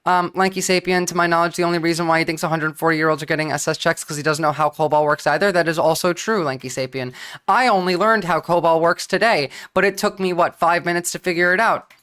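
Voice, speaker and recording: Speaking in a lowish, steady, fairly bright and smooth voice, a woman from New Jersey offers casual political commentary on her livestream. Her delivery is blunt and profane, coming in quick bursts with restarts.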